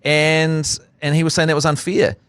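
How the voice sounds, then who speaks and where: A man with a New Zealand accent co-hosting a sports podcast, chatting in a joking, animated way with crude humour. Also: on the high side, normal speed, clear, resonant tone, no room sound. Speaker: podcast co-host. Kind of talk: casual sports banter.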